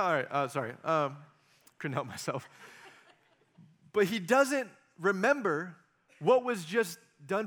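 A man preaching a sermon as pastor, animated, with jokey asides and acted-out quotes. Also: a little high.

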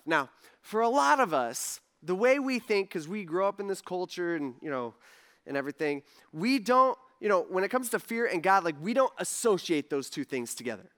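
High-voiced pastor telling a story casually. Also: male voice, a bit bright. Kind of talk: sermon.

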